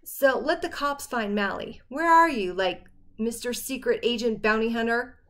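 A woman's voice: on the high side, moderate pace, fairly bright tone, lightly acted. A woman doing a mocking young guy.

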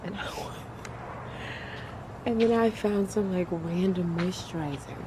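A woman's voice: fairly low pitch, takes it slowly. Chatty young woman vlogging over background noise. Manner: chatty, rambling, uses "y'all" and "like". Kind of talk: casual chat to camera. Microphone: built-in mic of a compact camera.

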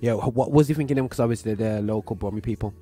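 A man's voice: on the low side, very fast, mellow. A man with a Birmingham accent hosting a gospel show, chatting casually in a rambling, slangy way that is full of filler phrases. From Birmingham, England. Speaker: show host.

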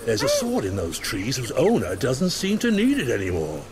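An actor playing a kindly ghostly pirate lord in a video game, guiding a newcomer in an encouraging storytelling way. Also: male voice, medium pitch, moderate pace, over a noisy crowd. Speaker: game character. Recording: game audio with steady noise.

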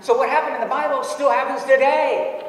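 A man preaching a sermon in a church and telling a personal story, dropping his voice low for quoted lines and laughing often. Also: steady tone, fairly quick. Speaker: pastor. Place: church sanctuary. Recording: echoey hall, distant mic.

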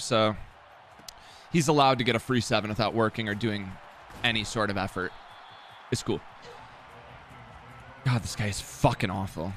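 A young man giving live commentary while playing a video game, swearing and repeating himself, sometimes breaking into yells. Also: fairly low pitch, moderate pace, pauses often, a little hiss or hum. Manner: swears and mutters the same phrase over and over; excitable, jumps into yelling.

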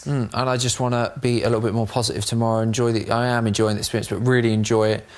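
A man's voice: medium pitch, level tone, racing. A man on a reality show talking earnestly in a casual heart-to-heart, rambling and self-reflective.

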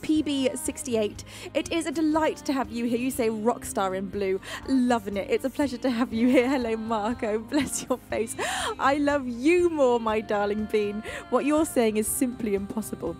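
A woman from the UK hosting a livestream, greeting her chat in a playful, affectionate, deliberately calm and soothing voice. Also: on the high side. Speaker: streaming singer-songwriter host. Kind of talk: casual livestream chat reading chat messages. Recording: faint music playing behind.

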